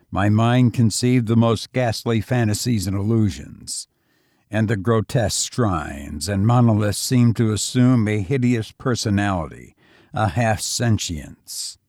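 A man narrating a gothic horror tale in a slow, grave, measured reading. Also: on the low side, a little mellow, breathy edge, no echo, clean studio sound.

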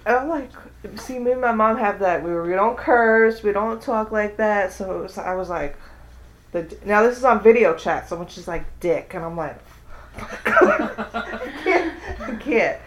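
Animated woman telling a funny story. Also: moderate pace. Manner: acts out quotes with big pitch jumps. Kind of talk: casual chat, animated storytelling.

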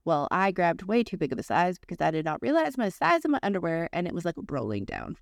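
A young woman co-hosting a podcast, telling a story in casual chat, animated and swearing freely while acting out voices. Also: on the low side, fast talker, vocal fry, hardly any pauses, dry recording, clean studio sound. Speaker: podcast co-host.

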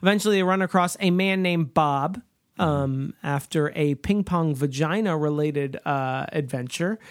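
A man's voice: fairly high pitch, unhurried, no room sound, clean studio sound. A man co-hosting a podcast, recapping a film in a rambling, joking way with lots of ums. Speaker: podcast co-host.

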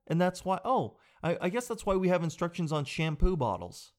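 A young man hosting a casual comic monologue, riffing with disbelief and slipping into quick mock voices of the people he talks about. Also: fairly high pitch, big pitch swings. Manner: riffing, incredulous, drops into mock quotes. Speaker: host.

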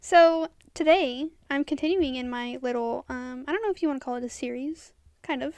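A woman co-hosting a podcast in casual chat, often pausing and hunting for words. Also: high voice, a little mellow, clear, resonant tone, dry recording, studio quality. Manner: halting, searches for words with many fillers. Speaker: podcast co-host.

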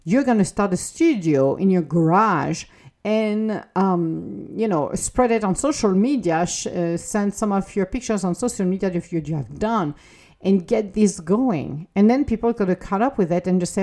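A woman's voice: medium pitch, animated, moderate pace, a little mellow. A woman giving an earnest motivational monologue, speaking English as a non-native with a plain, encouraging manner. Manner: earnest, encouraging, acts out little quoted dialogues.

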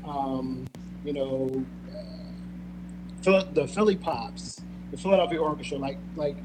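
A man's voice: mid-range voice, measured pace, background noise. A man appearing as a guest musician, talking in a rambling way with lots of fillers and thanking his hosts. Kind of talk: casual interview chat.

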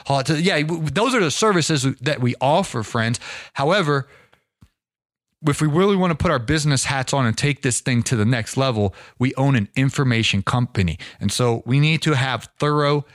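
A middle-aged man hosting a podcast, coaching business owners in an energetic, folksy monologue that often repeats words as he restarts. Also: medium pitch, moderate pace, no echo, clean studio sound.

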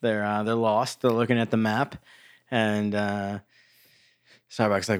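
A man co-hosting a podcast, recapping a TV episode in relaxed storytelling with many fillers. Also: fairly low pitch, unhurried, pauses often. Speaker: podcast co-host.

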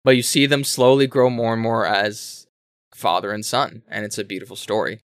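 A man co-hosting a casual talk show, retelling a story in a rambling, animated way with self-corrections and swearing. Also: fairly low pitch, moderate pace, smooth, dry recording, clean studio sound. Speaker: podcast co-host explaining a game. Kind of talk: casual chat.

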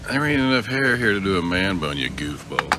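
A man's voice: low voice, sing-song, a little fast, very noisy. A middle-aged man hosting a casual live stream, rambling and joking as he greets viewers by name.

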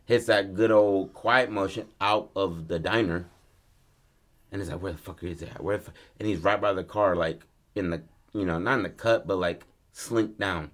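A man casually pitching a film story, acting out the characters' lines, swearing freely and rambling with restarts. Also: normal speed, fairly bright tone. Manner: loose, rambling, many restarts and fillers.

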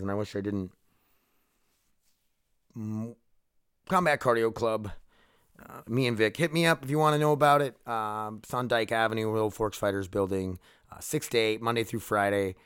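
A man's voice: lowish voice, clean tone, no echo, studio quality. A man hosting his own podcast, talking casually in a rambling, profane, self-deprecating way. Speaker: podcast host. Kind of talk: casual solo podcast chat.

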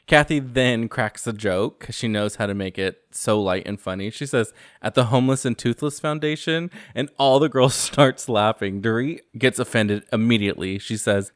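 A man's voice: mid-range voice, expressive, normal speed, no room sound, studio quality. Sassy man recapping reality TV. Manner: chatty and sassy, quoting cast members. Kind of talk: casual recap commentary.

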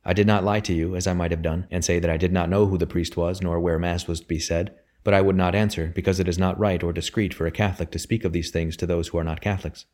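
A man's voice: low voice, steady tone, fast talker, few pauses, darkish tone, close to an everyday voice. A man voicing a dutiful young son who speaks formally and respectfully yet holds firm. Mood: earnest. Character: earnest dutiful young son, humble but steadfast.

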